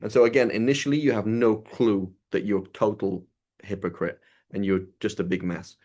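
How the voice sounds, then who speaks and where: A man's voice: fairly low pitch, steady tone, moderate pace, mellow. A man teaching an informal sermon, conversational and loose, often checking in with "right?". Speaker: religious teacher.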